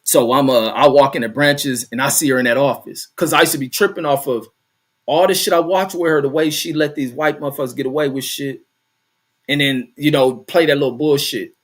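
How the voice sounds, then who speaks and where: A man's voice: medium pitch, brisk. A middle-aged man hosting a show, telling a work story and reading viewer comments aloud, casually and with a lot of cursing. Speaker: host.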